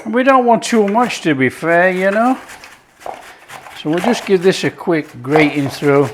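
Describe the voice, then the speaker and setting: A man's voice: high voice, animated, a little slow, background noise. A man hosting his own cooking channel, chatting enthusiastically to viewers as he demonstrates a recipe.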